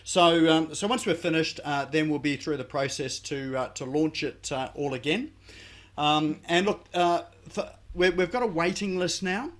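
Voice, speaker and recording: Male business coach, radio guest, fairly high voice, hesitant with lots of fillers. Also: fairly even intonation, normal speed, a bit bright. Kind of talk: casual radio interview.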